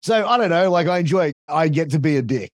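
A man's voice: fairly high pitch, expressive, fast talker, no echo. An Australian man, a podcaster and wrestling announcer, chatting casually as a guest, swearing freely and filling his talk with asides. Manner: profane, loose, full of fillers.

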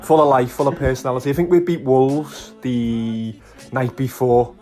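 A man's voice: mid-range voice, fairly even intonation, normal speed, dark tone, faint music behind. A man, co-hosting a casual chat and rambling through a story, calling his friend "lad". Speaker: podcast co-host.

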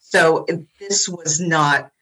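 A woman's voice: sits low, slow, fairly bright tone, poor audio. An American woman in her forties, a podcast guest chatting casually and laughing often in a self-deprecating way. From United States. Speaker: guest, interior design blogger. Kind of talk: casual interview chat.

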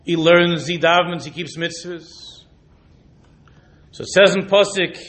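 Rabbi teaching in a slightly high voice. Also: male voice, a little slow. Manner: weaves Hebrew and Yiddish terms into English teaching; drops to a hushed, intimate voice when retelling a story. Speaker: rabbi giving a Torah lecture. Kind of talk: sermon.

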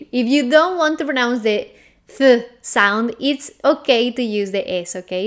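A woman with a Spanish accent teaching a clear, patient pronunciation lesson. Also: fairly high pitch, a little slow, fairly bright tone. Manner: clear, patient, checks in with "okay?".

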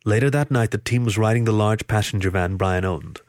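Low-voiced man reading a story. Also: brisk, no room sound. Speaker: audiobook reader. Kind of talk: story narration.

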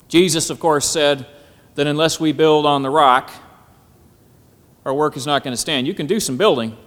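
A man preaching a sermon at a symposium, often pausing on "Amen" and building to emphatic, climbing phrases. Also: fairly high pitch. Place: hall at a symposium. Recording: echoey hall.

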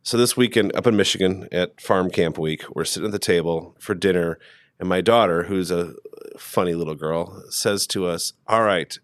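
A man with a low voice co-hosts a podcast and speaks as a financial advisor. His talk is casual and rambling, wandering into stories. The sound is dry and close, with no room around it. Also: moderate pace, no echo. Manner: rambling storyteller.

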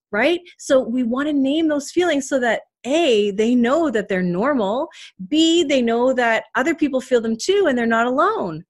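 A middle-aged woman hosting a parenting podcast from her home office, coaching listeners in an earnest tone and often checking in with "right?". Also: medium pitch. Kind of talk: podcast monologue.

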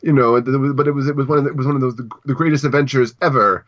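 A man's voice: mid-range voice, steady tone, rapid-fire, fairly bright tone. A man from Canada co-hosting a book podcast, talking in a rambling casual way with many restarts. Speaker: podcast co-host. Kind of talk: casual chat. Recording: dull lo-fi audio.

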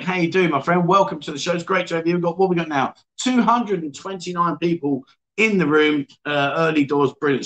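A chatty man hosts a casual livestream from an indoor venue, greeting viewers by name and reading their comments aloud. His voice sits a little higher than most men's, and his delivery stays upbeat and informal. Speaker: livestream host.

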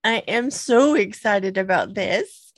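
A woman with a Southern US accent co-hosting a podcast, enthusiastic and quick to laugh. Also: medium pitch, expressive, dry recording. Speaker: podcast co-host. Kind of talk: casual podcast chat.

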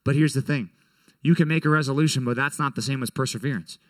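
Male preacher, mid-pitched, conversational sermon delivery, close dry sound. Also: quick pace, no room sound. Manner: conversational, animated, frequent "right?" check-ins. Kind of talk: sermon to young people.

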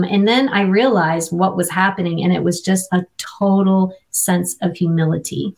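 A woman's voice: fairly low pitch, steady tone, normal speed, vocal fry, few pauses, darkish tone. A middle-aged woman, an interview guest, sharing a personal faith testimony in an earnest, vivid storytelling manner.

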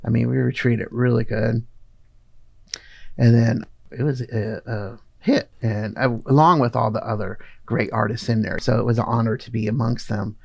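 Gravelly man, middle-aged, earnest casual storytelling, dry close sound. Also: mid-range voice, steady tone, moderate pace, no room sound, dull audio. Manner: earnest, conversational, laughs now and then. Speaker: guest artist.

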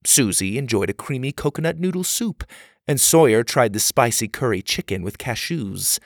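Lively, gravelly man narrating a kids' story. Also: mid-range voice, normal speed, no echo, studio quality. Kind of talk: scripted narration of a children's audio story.

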